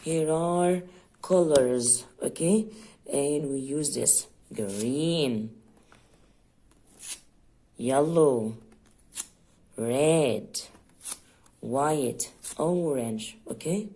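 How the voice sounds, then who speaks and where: Woman, Egyptian accent, low mellow voice, teacher playing both sides of a kids' quiz. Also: extremely slow, pauses often. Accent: Egyptian Arabic. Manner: plays both teacher and child, asking then answering in a lower voice. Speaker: teacher demonstrating a children's activity book. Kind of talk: home teaching demo, Arabic mixed with English.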